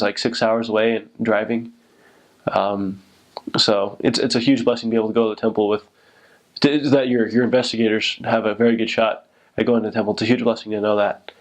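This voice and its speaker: A young man, a returned missionary, describing his mission area in a rambling, self-correcting way. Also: fairly low pitch. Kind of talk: casual recollection.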